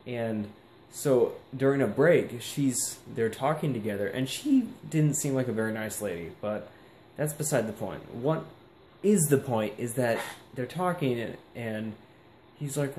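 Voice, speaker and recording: A man's voice: medium pitch, expressive, a little slow, a little mellow. Rambling young man in an echoey room. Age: young adult. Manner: rambling, filler-heavy, reflective. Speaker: vlogger. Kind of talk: casual vlog monologue. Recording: echoey room with faint background hiss.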